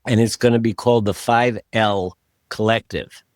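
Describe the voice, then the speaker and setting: Male podcast host, low voice, easygoing rambler, dry close sound. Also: normal speed, no room sound. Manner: relaxed, rambling with many fillers and restarts. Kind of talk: casual interview chat.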